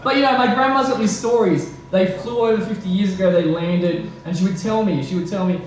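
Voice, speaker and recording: A young man doing stand-up, his high voice hesitant and full of fillers. The mic catches a heavily echoing room with faint noise behind him. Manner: nervous, halting delivery with fillers and laughs. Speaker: stand-up comedian. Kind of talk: stand-up comedy set. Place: comedy venue with audience.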